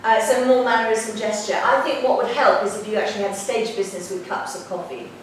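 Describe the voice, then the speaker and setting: A woman teaching drama, giving brisk, directive feedback to a class. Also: mid-range voice. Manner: brisk and directive, quick instructions. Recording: echoey classroom from far off, some noise.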